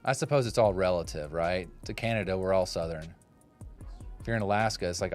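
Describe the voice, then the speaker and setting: Carving in his home workshop, this man in his forties talks to his live stream audience through a propped-up phone, joking around, rambling and reacting to comments. He speaks fairly quickly in a low voice, with faint music behind him.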